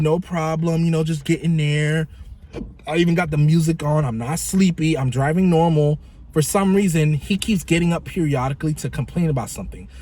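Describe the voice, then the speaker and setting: A man's voice: fairly high pitch, darkish tone. A man vlogger telling a story in a casual, profane, exasperated rant.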